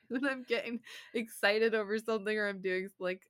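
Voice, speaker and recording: A woman's voice: medium pitch, fairly even intonation, moderate pace, fairly bright tone, clear, resonant tone. A young woman co-hosting a podcast in casual chat, rambling with lots of fillers and giggles. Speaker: podcast co-host.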